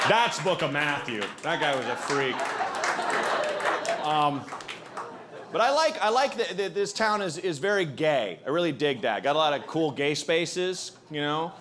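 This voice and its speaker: Animated male stand-up comic, live crowd. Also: fairly high pitch, noisy background. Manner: animated, shifts into acted character voices. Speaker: stand-up comedian. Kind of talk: stand-up comedy set. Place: comedy club before a live audience.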